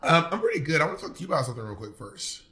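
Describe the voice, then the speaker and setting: A man's voice: a little high, sing-song, racing, pushed and bright. A man co-hosting a podcast in casual, teasing chat, swearing freely. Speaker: podcast co-host.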